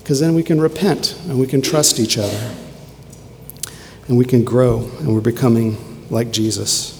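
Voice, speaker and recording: Gravelly-voiced male preacher in a hall. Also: mid-range voice, normal speed. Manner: earnest, rising to emphatic questions then dropping quiet. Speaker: pastor. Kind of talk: sermon. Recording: long hall reverb, faint ambient noise.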